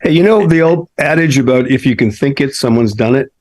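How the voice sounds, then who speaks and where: A married man trading banter in a deadpan, darkly joking manner, with a middle-pitched voice. The sound is close and dry with little room around it. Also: a little fast, no echo, rough recording. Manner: dry, dark deadpan jokes. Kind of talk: casual chat. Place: restaurant wine cellar.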